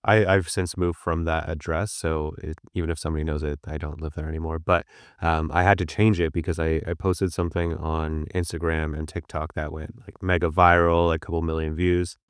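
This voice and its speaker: A man chatting casually on a business podcast, telling stories with relaxed asides. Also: rumbling low, a little fast, clear, resonant tone, no room sound, clean studio sound. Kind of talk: casual conversation.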